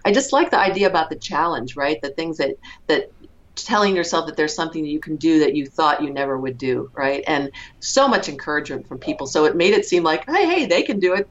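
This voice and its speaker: A woman in her fifties with a low voice, speaking as an interview guest. She talks reflectively, often pausing with fillers and restarting her sentences. The recording sounds dull and lo-fi. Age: 50s. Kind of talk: conversational interview.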